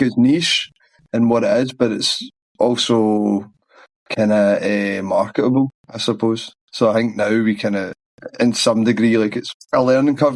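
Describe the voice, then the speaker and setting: Glaswegian man, low pitch, dry close sound, frank and rambling. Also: no echo. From Scotland. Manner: rambling, frank, swears casually. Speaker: band's singer. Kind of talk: casual interview answers.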